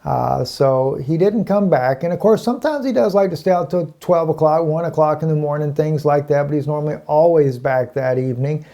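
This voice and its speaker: A man's voice: a little high, a little fast, gravelly, few pauses, dark tone. A man giving a casual online Bible teaching from home, rambling with many fillers and restarts.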